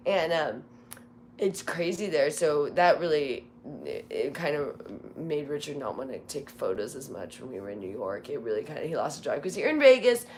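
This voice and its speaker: Low-voiced woman chatting on a livestream. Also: big pitch swings, normal speed, darkish tone, slight background noise. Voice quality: voice cracks when tired. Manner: rambling storyteller, heavy use of "like". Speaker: livestream host. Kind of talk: casual livestream chat.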